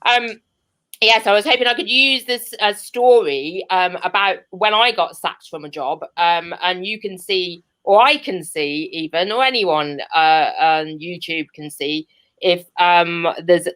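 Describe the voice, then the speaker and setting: A woman's voice: fairly low pitch, a bit bright. A young woman from Birmingham with a Birmingham accent doing a chatty, rambling stand-up set over a video call from her home, full of ums and self-mocking laughs. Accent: Birmingham English. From Birmingham, England. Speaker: stand-up comedian. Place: seated at home.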